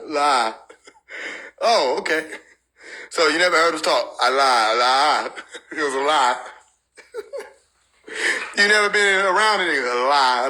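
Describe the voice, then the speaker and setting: Male streamer, fairly high and very bright voice, playful and laughing. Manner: laughs often, joking and animated. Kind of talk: casual livestream chat.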